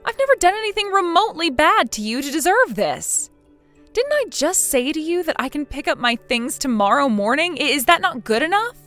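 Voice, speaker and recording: A woman voicing a cool, sarcastic young wife in a scripted text-message drama, mocking quietly. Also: high voice, big pitch swings, a little fast, soft background music.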